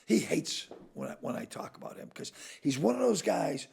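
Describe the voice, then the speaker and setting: Guy, husky rough voice, a little high, spins comic yarns with big loud bursts. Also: normal speed. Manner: animated, swears freely, bursts into loud laughter. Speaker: podcast guest. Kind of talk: comedic storytelling.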